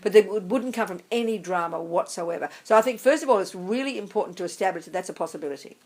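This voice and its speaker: A woman, a Buddhist nun, giving an animated dharma talk and answering audience questions. She often checks that listeners follow and calls them darling. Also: medium pitch, fast.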